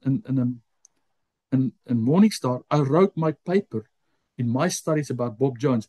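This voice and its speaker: Man preaching a lively personal testimony. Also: no echo. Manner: animated storytelling, jumps high when quoting his own complaints. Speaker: pastor. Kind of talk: sermon testimony. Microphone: close mic.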